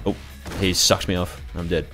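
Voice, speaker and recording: A young man hosting a let's play, ranting through his gameplay commentary in a profane, animated way. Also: low-pitched, normal speed. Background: faint game music.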